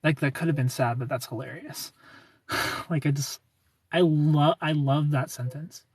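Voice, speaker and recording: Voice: medium pitch, fairly even intonation, a little slow, husky, dry recording. A young adult livestreamer chatting casually with viewers, sarcastic and laughing often as they answer comments by name. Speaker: livestreamer reading chat.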